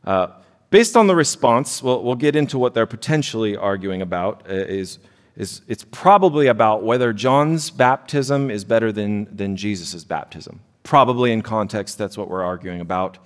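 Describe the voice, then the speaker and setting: Conversational pastor preaching in an echoing hall. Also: male voice, fairly low pitch, expressive, moderate pace. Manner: conversational, self-deprecating, frequent "right?" asides. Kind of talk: sermon. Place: church sanctuary. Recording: long hall reverb.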